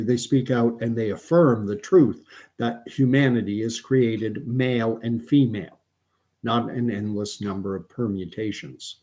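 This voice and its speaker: A Canadian man with a somewhat low-pitched voice hosts a late-night livestream from his home. He reads aloud from his own writing at an unhurried pace, often pausing on fillers and restarting sentences. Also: darkish tone. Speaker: channel host.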